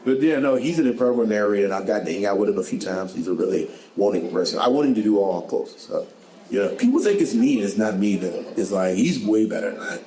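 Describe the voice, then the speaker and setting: A man with a Southern US accent answering audience questions at a bookstore author talk, animated and quick to laugh. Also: on the low side, low-quality recording. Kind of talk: casual audience Q&A. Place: bookstore event.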